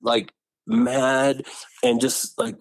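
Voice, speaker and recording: A middle-aged man tells his family story in a close, dry recording. He talks animatedly and keeps voicing what relatives said, with his pitch jumping high for their lines. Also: little pitch movement, extremely slow, gravelly, dry recording. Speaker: guest telling his story. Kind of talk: personal storytelling interview.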